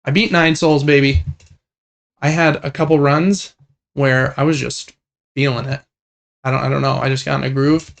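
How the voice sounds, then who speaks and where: A young man with a gravelly edge to his voice, pitched in the ordinary middle, co-hosting a casual games podcast. He rambles happily, circling back with filler words, and lights up when a favorite game comes up. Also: normal speed, long pauses. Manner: relaxed, rambling, enthusiastic about games. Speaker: podcast co-host. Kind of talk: casual gaming podcast chat.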